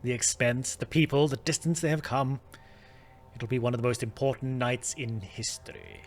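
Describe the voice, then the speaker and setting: A man voicing a proud, aging Irish manor lord in a game, with an Irish accent and formal, measured speech. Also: mid-range voice, faint music behind, close to an everyday voice. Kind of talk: reading game dialogue aloud.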